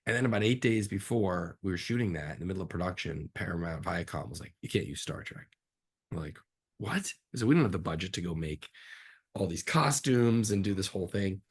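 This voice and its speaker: A man, a film director, telling animated behind-the-scenes stories in a casual interview, jumping up in pitch when he acts out disbelief. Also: fast talker, breathy edge. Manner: animated storyteller, swings up sharply in pitch for incredulous reactions.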